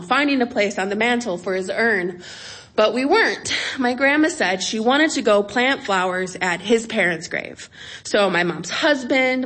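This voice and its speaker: Wry woman telling a story on stage. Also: fairly high pitch. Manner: lively, wry comic timing.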